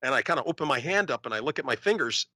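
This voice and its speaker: Man, podcast co-host, casual storytelling, lively swinging pitch, bright tone. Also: very fast, no echo. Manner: animated storyteller, acts out quoted voices.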